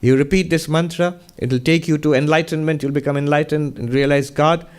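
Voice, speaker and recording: A man's voice: on the high side, steady tone, brisk, smooth, close to an everyday voice. Stern wandering holy man, raised and emphatic, told by a man. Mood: earnest.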